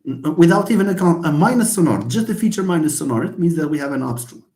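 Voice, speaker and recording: A man's voice: fairly high pitch, expressive, fast, a little mellow. Hesitant man lecturing, echoey room. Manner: hesitant, many fillers and restarts, addresses students by name. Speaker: university lecturer. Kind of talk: lecture reviewing phonology.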